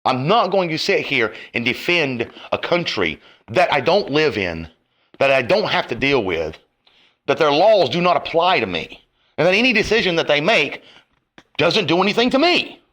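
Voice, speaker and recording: A man's voice: fairly high pitch, very animated, moderate pace, fairly bright tone. A man delivering a profane, confrontational rant to camera, his heat rising and falling. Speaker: online commentator.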